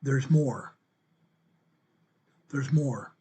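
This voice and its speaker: A man hosting a show, walking viewers through an earthquake map in a slow, emphatic way and repeating his points. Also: medium pitch, mellow, husky. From United States. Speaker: show host presenting earthquake updates. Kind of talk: informal map walkthrough commentary.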